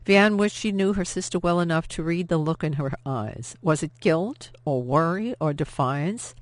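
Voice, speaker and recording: Brief: measured novel narrator, mid pitch, dry studio read. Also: no room sound. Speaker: audiobook narrator.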